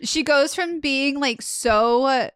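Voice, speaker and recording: Young woman, podcast co-host, higher voice, giggly, rambling, dry close mic. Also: takes it slowly, fairly bright tone, no room sound. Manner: giggly, rambling, many fillers. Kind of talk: casual chat.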